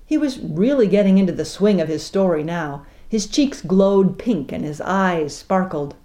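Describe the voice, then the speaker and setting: A woman reading an audiobook aloud in a measured, expressive way. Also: lowish voice. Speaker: narrator. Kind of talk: audiobook narration.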